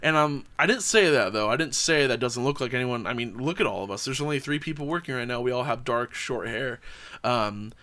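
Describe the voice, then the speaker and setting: A man's voice: mid-range voice, brisk, pushed and bright. A man hosting a podcast, chatting casually and telling a profane, rambling story. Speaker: podcast host. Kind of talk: casual chat.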